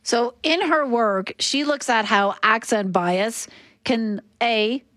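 A woman's voice: fairly high pitch, slow, fairly bright tone, no echo. Woman host, dry close sound. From Canada. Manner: earnest, explanatory storytelling. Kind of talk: conversational news talk.

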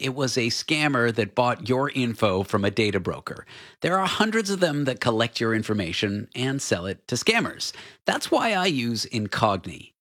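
A man's voice: medium pitch, fairly bright tone. A man hosting an interview show, joking about himself and reading an ad. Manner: self-deprecating, joking. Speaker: show host. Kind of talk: casual interview and ad read.

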